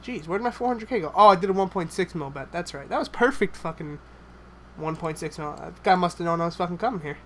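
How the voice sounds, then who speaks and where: Man, live gameplay commentary, excitable, heavy swearing, mutters then shouts. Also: high-pitched, fast talker, slight background noise. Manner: excitable, swears a lot, yells at the game. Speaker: gamer.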